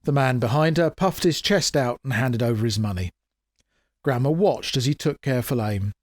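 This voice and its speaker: A man reading his own comic fantasy story aloud in a wry, expressive way. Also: mid-range voice, moderate pace, no echo, studio quality. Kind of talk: dramatic audiobook narration.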